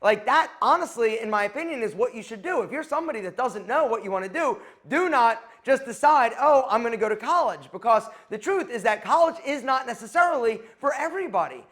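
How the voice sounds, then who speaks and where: A middle-aged man with a fairly high voice tells a story straight to camera. He talks in a loose, chatty way and turns it into friendly advice for his viewers. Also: lively intonation, brisk, few pauses, fairly bright tone. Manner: chatty, advice-giving, acts out quoted exchanges. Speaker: YouTube host.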